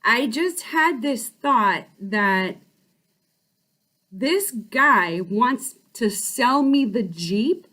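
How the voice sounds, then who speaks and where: This woman runs a life-coaching channel and is recounting something from her own life. Her pitch sits fairly high, and her delivery is relaxed yet lively, full of fast restarts.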